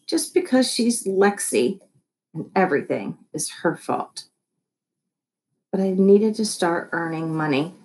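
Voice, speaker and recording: Woman narrating a lively comic story. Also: lowish voice. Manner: lively, comic first-person storytelling voicing a boy. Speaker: audiobook narrator. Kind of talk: scripted narration of a children's novel.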